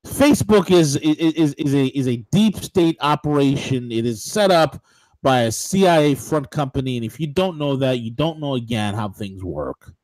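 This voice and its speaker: A man's voice: mid-range voice, animated, normal speed, a little mellow, no room sound, poor audio. A man co-hosting a political talk show, ranting emphatically with rhetorical questions and frequent restarts. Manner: many restarts and fillers. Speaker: show co-host.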